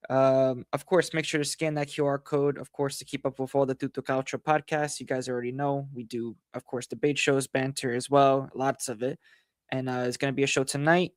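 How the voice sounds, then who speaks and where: Hoarse man ranting about football. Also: mid-range voice, no room sound, studio quality. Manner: frustrated, rambling, many fillers and repeated phrases. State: hoarse, losing his voice. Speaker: football channel host. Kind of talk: casual football analysis livestream.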